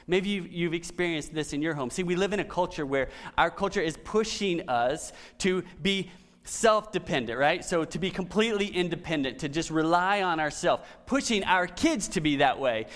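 A middle-aged man preaching a conversational sermon, often dropping to soft, emphatic lines. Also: sits high. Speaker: pastor.

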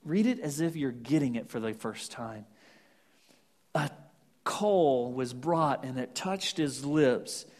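A man preaching a sermon, swinging from loud emphatic scripture reading to hushed, almost whispered lines. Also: mid-range voice, lively intonation, slow. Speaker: pastor.

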